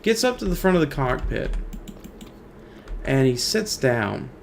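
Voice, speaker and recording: A gravelly-voiced man tells a long joke in a loose, rambling way while he plays a game. His voice has a rough, fried edge, and a faint hiss sits under it from a desk mic. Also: mid-range voice, big pitch swings, measured pace. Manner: rambling storyteller, many restarts. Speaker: streamer host. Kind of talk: casual joke-telling while gaming.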